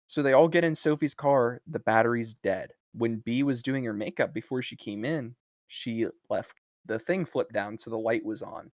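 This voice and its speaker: A man co-hosting a podcast, retelling a film's plot in a casual, animated way. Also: mid-range voice, moderate pace, dry recording, lo-fi sound. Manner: animated retelling, briefly acting out lines from a film. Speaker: podcast co-host. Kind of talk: casual movie recap chat.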